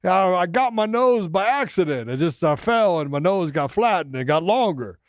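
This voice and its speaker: Brief: a man playing a high, indignant New York Italian guy, stammering in protest. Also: sing-song, normal speed, no echo, studio quality.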